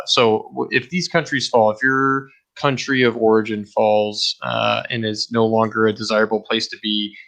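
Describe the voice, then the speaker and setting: A man with a lowish voice and a bright, forceful tone. He explains his points plainly in casual chat, leaning on fillers as he goes. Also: vocal fry. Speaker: podcast co-host. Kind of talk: casual political discussion.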